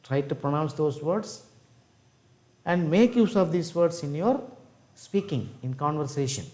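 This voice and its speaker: A man teaches pronunciation in an unhurried, drawn-out way. His voice sits a little high for a man, and he repeats every word as a drill, calling his learners "my dears.". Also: expressive, darkish tone. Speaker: English teacher. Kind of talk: pronunciation lesson.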